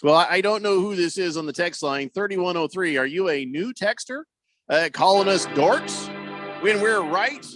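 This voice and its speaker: A man's voice: sits high, normal speed, soft background music. A man hosting a sports radio show, chatting casually and joking in playful bits. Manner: joking, animated, playful voices. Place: radio studio. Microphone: studio microphone.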